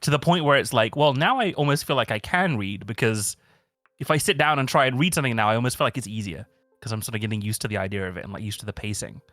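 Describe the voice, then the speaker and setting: A man chatting casually as a stream guest, rambling with lots of fillers and telling stories in an animated way. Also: medium pitch, fast talker, no echo, soft background music. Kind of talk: casual chat.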